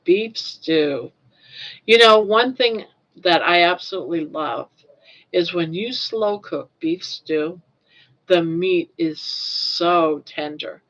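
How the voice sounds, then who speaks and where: A woman's voice: lowish voice, takes it slowly, a bit bright. An older woman from Maine hosting a casual livestream chat, rambling along and repeating words as she goes. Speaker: livestream host. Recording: dull lo-fi livestream audio.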